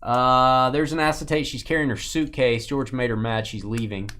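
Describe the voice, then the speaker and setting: A man's voice: medium pitch, fairly even intonation, normal speed, fairly bright tone, a little hiss or hum. A man hosting a live card-breaking stream, chatting casually and joking with viewers as he opens packs.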